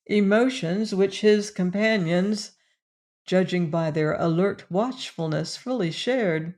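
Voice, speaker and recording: A man reading a novel aloud as an audiobook narrator, in a measured, even delivery. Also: sits high.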